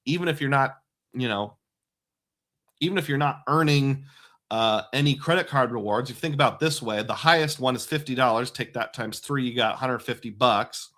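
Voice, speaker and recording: Man, host, casual livestream talk, chatty, rambling asides, mid-pitched voice. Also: fairly quick, a bit bright. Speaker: personal finance host.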